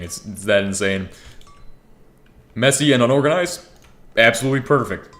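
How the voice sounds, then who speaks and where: A man's voice: mid-range voice, expressive, normal speed, pauses often, a bit bright. A young man casually talking to himself while playing a game, rambling and swearing freely, with keyboard typing behind him. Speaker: gaming streamer. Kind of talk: casual gameplay commentary.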